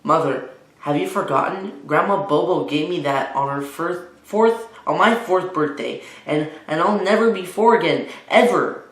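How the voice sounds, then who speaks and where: A man's voice: fairly high pitch, moderate pace, fairly bright tone, natural voice. A man voicing a stubborn little boy who pleads and bargains to keep his toys. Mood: pleading, scheming. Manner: whiny, pleading, scheming. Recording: roomy echo.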